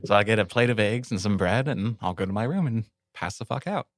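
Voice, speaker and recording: A man's voice: lowish voice, expressive, fast talker, dry recording, clean studio sound. A man playing in a tabletop game, playful and teasing, laughing often. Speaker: player.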